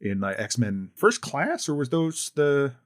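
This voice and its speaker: A man's voice: mid-range voice, very animated, slow. A man co-hosting a podcast in casual chat, recapping a film in a rambling way, full of restarts. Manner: rambling, with many fillers and restarts. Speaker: podcast co-host.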